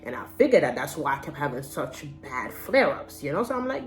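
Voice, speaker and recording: A woman's voice: sits low, very animated, a little fast, hardly any pauses, faint music behind. A young adult woman telling a personal story in a casual vlog, candid and slangy. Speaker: vlogger.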